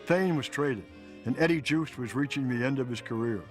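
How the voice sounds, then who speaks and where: A man giving scripted documentary narration in a measured, storytelling way. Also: mid-range voice, soft background music.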